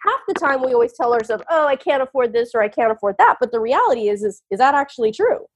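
A woman's voice: a little high, lively intonation, fast, husky. A woman hosting a podcast interview, encouraging her guest with guiding questions. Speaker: podcast host and coach. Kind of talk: casual interview.

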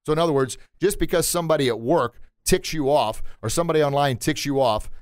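A man who runs a martial arts school, hosting a motivational podcast with an animated manner, acting out voices and laughing at himself. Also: a little high, fast, clean tone, no room sound, clean studio sound. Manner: animated, acts out quotes and sounds, laughs at himself.

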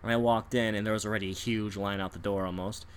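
A man's voice: lowish voice, quick pace, slight background noise. A man in casual chat telling a story with lots of energy, laughing and acting out the people in it. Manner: animated, laughs often, acts out people in quotes.

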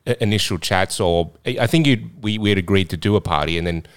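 A man's voice: deep voice, quick pace, clear, resonant tone, dry recording, studio quality. A man hosting a podcast, chatting casually and jokily with frequent restarts. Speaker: podcast host.

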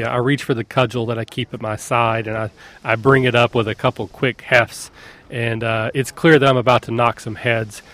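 Relaxed man playing a tabletop game. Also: mid-range voice. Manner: relaxed, with fillers. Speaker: player. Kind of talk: casual tabletop game play.

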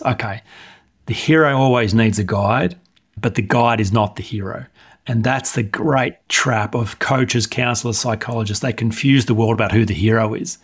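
In a podcast interview, a man who works as a coach and author tells stories bluntly and with animation, acting out the dialogue. His voice is mid-range with a breathy edge.

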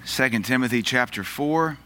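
A man's voice: mid-range voice, moderate pace, sharp tone. A man preaching a sermon in an earnest, emphatic way, quoting scripture.

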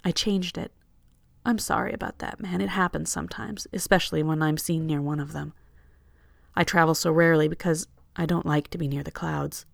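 A reader plays a sad young woman who apologizes and hesitates. The voice is slightly gravelly, heard close and dry. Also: mid-range voice, steady tone, brisk, no room sound. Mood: rueful.

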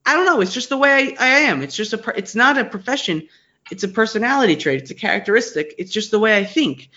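A man in his twenties with a New York accent, a guest in an interview, talking excitedly and rambling with many restarts. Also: high-pitched, fast talker, dull audio. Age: 20s. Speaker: guest, digital agency founder. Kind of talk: casual interview chat.

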